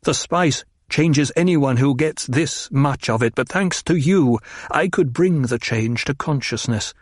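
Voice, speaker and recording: A man's voice: mid-range voice, unhurried, dry recording, clean studio sound, close to an everyday voice. A man reading the part of a gifted young nobleman, bitter and intense, his voice rising as he grows frantic.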